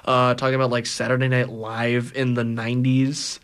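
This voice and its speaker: A man's voice: mid-range voice, flat delivery, moderate pace, clean tone. A young man from Saskatchewan hosting a campus radio show, chatting casually in an easygoing, self-deprecating way with lots of fillers. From Saskatchewan, Canada. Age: young adult. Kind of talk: casual interview chat. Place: radio studio.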